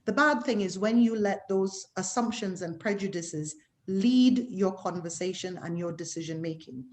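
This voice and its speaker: A woman's voice: medium pitch, moderate pace, a little mellow. A middle-aged woman from the West Indies with a West Indian accent, speaking candidly as an interview guest and acting out other people's remarks in quoted voices. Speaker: guest physician.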